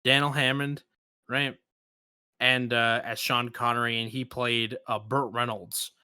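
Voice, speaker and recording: A man hosting a casual podcast, with a bright, forward tone. He retells jokes with animated energy, acting out the lines. The sound is close and dry, with no room around it. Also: mid-range voice, unhurried, clean tone, dry recording. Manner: animated storyteller, acts out quotes. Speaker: podcast host.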